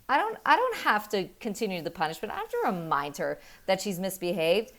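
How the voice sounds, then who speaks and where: A middle-aged woman and mother explaining parenting in an earnest, animated way, telling stories with quick laughs. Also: mid-range voice. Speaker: parenting guest. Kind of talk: conversational explaining.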